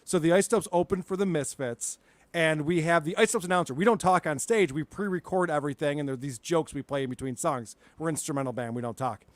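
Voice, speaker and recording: A man's voice: on the high side, fast, dry recording. A man, a podcast co-host on as a guest, chatting casually and laughing easily while he tells stories. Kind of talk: casual chat.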